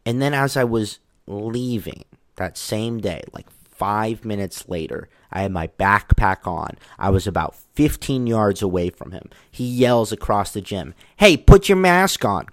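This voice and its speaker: A man with a fairly low voice tells a personal story in loose, casual talk. He rambles, says "like" all the time, and acts out what people said. The recording is dry and close, with no room sound. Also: a little slow, no room sound. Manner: rambling, heavy use of "like", acts out quotes.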